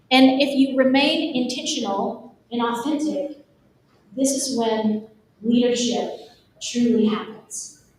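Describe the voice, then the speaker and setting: Here a middle-aged Texan woman, speaking at a real estate event, gives an energetic, forceful pep talk aimed right at her listeners. Her high-pitched voice echoes heavily around the event room, picked up from a distance with a faint hiss beneath.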